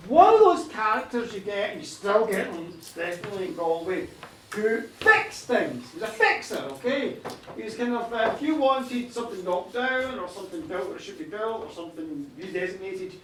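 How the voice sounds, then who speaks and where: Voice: medium pitch, background noise. An Irish storyteller talking chattily to a live audience in a bar, laughing at their own jokes. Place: bar stage, live show. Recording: roomy live bar, distant mic.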